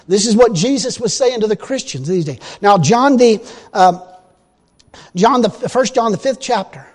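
A man preaching a sermon in a folksy, emphatic way, breaking into loud exclamations. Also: high-pitched, lively intonation, moderate pace, slightly rough. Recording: long reverb of a hall.

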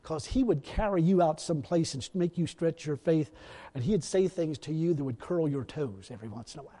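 A high-pitched male preacher telling stories from the pulpit in a folksy, rambling manner. His voice carries a long reverb from a large hall. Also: expressive, brisk, dark tone. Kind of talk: storytelling sermon.

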